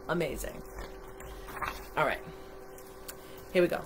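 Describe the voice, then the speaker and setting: A woman's voice: medium pitch, very animated, measured pace, a bit bright. A woman reading a picture book aloud to children on a livestream, chatty and asking her listeners questions, through a computer microphone. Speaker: storytime reader.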